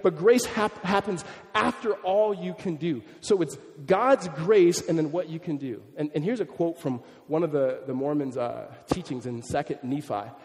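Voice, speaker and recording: A man preaching a sermon as a pastor, animated and conversational, often restarting his sentences. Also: a little high, in a large hall.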